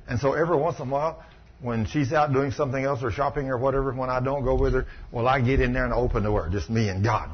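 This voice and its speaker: Folksy man preaching a sermon. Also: medium pitch. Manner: folksy, emphatic, recounting dialogue. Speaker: preacher and healing school teacher. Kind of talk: sermon with storytelling. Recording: muffled recording with faint background hiss.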